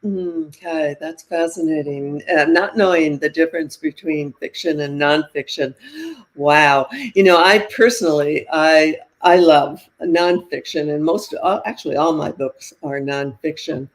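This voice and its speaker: A woman's voice: low-pitched, steady tone, unhurried. An older woman hosts a podcast interview in a bubbly, chatty way. She laughs often between her questions and keeps the guest talking. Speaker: podcast host.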